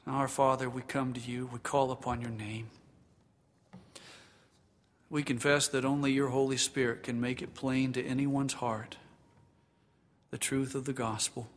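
A pastor preaching a sermon in a church sanctuary, earnest and emphatic, then leading a prayer. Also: male voice, medium pitch, little pitch movement, a little slow, pauses often. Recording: long reverb of a large hall.

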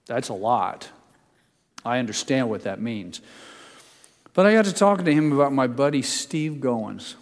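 Older pastor preaching in a reverberant hall. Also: male voice, medium pitch, very animated, normal speed, long pauses. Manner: storytelling, folksy asides, builds to emphatic peaks. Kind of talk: sermon.

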